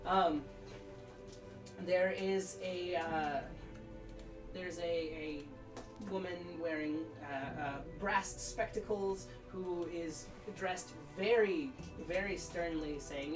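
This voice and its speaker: A woman's voice: lowish voice, slow pace, reverberant, far from the mic, music in the background, rough recording. A woman narrating a tabletop game as game master, rambling with many fillers.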